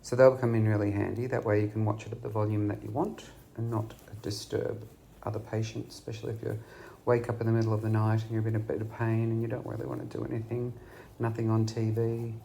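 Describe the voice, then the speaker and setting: A man's voice: fairly low pitch, level tone, fast talker, creaky, warm tone, a little hiss or hum. An Australian man recovering from surgery, chatting to camera from a hospital bed in a rambling way with many ums. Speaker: patient vlogger. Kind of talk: casual chat to camera. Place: hospital room. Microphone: camera at bedside.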